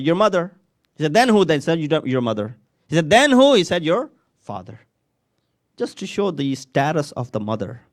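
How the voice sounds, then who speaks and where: A man giving a sermon, mixing English with recited Arabic verses and acting out quoted dialogue with sharp rises on questions. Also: on the high side, dry recording, studio quality. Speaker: speaker at a Muharram majlis.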